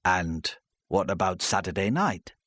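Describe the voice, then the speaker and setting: A man as a calm police inspector. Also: low voice, no room sound, studio quality, voice pushed down, heavily acted. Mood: probing. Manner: calm, measured questioning. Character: patient, probing male police inspector.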